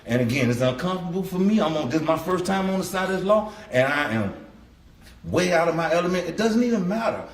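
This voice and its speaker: A man's voice: fairly high pitch, animated, fast, far from the mic. A man speaking as a victim's father in court, blunt, emotional and colloquial. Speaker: victim's father giving an impact statement. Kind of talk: courtroom victim impact statement. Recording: roomy courtroom, mic from afar, faint hiss.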